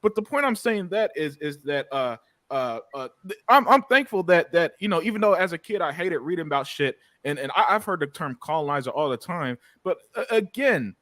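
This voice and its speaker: Man, thirties, podcast host, lively swinging pitch, repeats words, swears, dry close sound. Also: brisk, dry recording. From United States. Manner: animated, stammers and repeats words, swears freely. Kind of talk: casual podcast chat.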